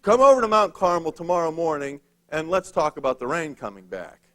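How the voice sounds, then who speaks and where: A preacher speaking as a bold, smart-aleck prophet who talks in loose, modern phrases. His voice sits somewhat high for a man, and he taunts and commands with easy confidence. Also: lively intonation, brisk, bright, forceful tone. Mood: commanding. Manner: brash, taunting, casual modern speech. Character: bold, mocking male prophet Elijah.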